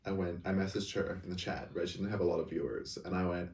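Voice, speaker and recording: A man's voice: deep voice, little pitch movement, fast talker, a little mellow, slight background noise. A young man co-hosting a podcast, telling slangy stories in casual chat and swearing freely. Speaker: podcast co-host. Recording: echoey room, mic at a distance.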